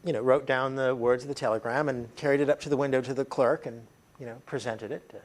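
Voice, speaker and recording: A man's voice: mid-range voice, steady tone, fast. Chatty male workshop trainer. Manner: conversational, chatty, frequent fillers. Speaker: NLP trainer. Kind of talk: workshop teaching. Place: training room with a group.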